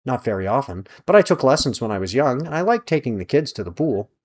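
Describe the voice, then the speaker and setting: A man's voice: mid-range voice, very animated, fast. A man voicing a middle-aged mother who has become a sea-snake familiar, polite, earnest and easily bewildered. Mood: chatty earnest.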